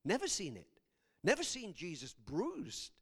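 A man preaching a sermon, animated and laughing between lines, swinging from loud exclamations to hushed, quiet passages. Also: high voice, a little slow, husky.

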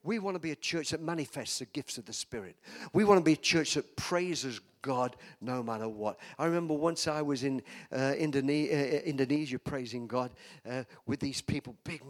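A man preaching a sermon in a church, emphatic and calling for amens from the congregation. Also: mid-range voice. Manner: emphatic, call-and-response preaching.

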